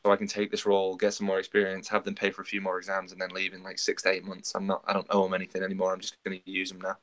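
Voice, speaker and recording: A man's voice: low voice, completely flat delivery, rapid-fire, a bit bright. A man co-hosting a podcast, telling a story in casual chat and acting out the quoted dialogue. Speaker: podcast co-host.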